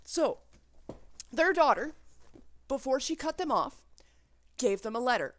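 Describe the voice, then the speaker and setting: A woman's voice: sits high, very animated, unhurried, dry recording. A woman making a reaction video, ranting with indignation and swearing freely in casual commentary.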